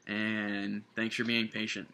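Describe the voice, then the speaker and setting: Gravelly rambling man reviewing vape juice. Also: fairly low pitch, completely flat delivery, takes it slowly, bright, forceful tone. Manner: rambling, self-correcting, chatty. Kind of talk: casual product review vlog.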